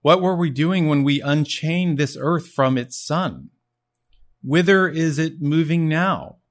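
A man's voice: fairly high pitch, animated, slow, voice pushed up. A man reading as a frantic madman. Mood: impassioned. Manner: read aloud with rising intensity. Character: frantic male madman preaching in a marketplace.

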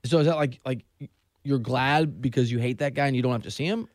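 A man's voice: medium pitch, quick pace, no room sound. A middle-aged man hosting a sports talk show, chatting casually with sarcastic, self-mocking humor. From Southern California.

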